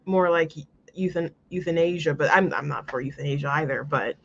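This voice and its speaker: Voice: mid-range voice, brisk, creaky, a bit bright, dull audio. A show host talking casually in an earnest, rambling way, with many restarts. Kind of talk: casual commentary monologue.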